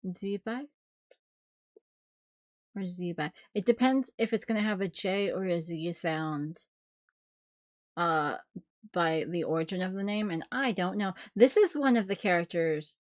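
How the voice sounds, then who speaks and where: A woman streamer reacting casually on a live stream, expressive and swearing, often laughing. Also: fairly low pitch, normal speed, dry recording, clean studio sound.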